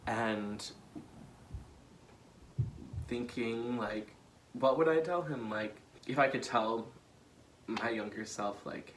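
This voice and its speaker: A man's voice: fairly low pitch, unhurried, a bit bright, slight background noise. A young American man in a casual vlog, talking emotionally, laughing and fighting back tears, with lots of fillers. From United States. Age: young adult. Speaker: vlogger and political candidate.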